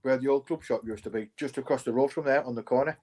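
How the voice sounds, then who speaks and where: A man rattles through an excitable, rambling pub story. He talks very quickly at a middling pitch. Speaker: podcast co-host. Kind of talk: casual storytelling.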